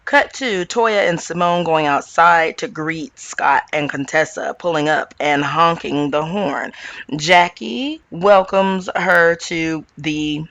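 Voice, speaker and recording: A woman host gives a casual, opinionated recap of a reality show, animated and ranting, her pitch suddenly jumping up. She speaks slowly, and there's no echo.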